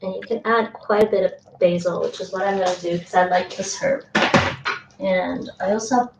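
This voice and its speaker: A woman's voice: medium pitch, fairly even intonation, moderate pace, recorded from a distance. A young woman chatting casually while cooking on a live stream, thinking aloud and laughing often. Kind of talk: casual cooking chat with chat readers. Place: home kitchen. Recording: roomy, dull stream mic with fan noise.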